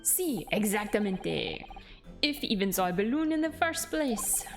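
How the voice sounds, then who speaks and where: A woman's voice: medium pitch, big pitch swings, moderate pace, faint music behind. A woman voicing a boastful middle-aged male balloonist in a put-on comic foreign accent, hammy and dramatic. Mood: indignant.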